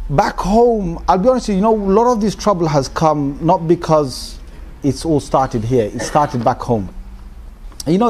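Man, middle-aged, animated humorous congregation talk, restarts often. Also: on the high side. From United Kingdom. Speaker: Islamic speaker.

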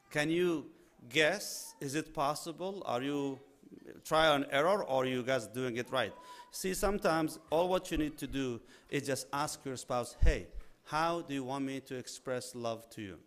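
Animated preacher, a man with a higher voice. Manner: animated, acts out dialogue, mixes in Arabic phrases. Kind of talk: sermon on marriage.

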